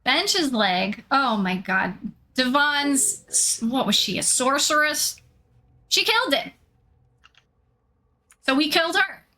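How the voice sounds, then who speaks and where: Earnest woman with a bright voice. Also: high-pitched, lively intonation, slow pace, pauses often. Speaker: player. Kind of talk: tabletop role-play.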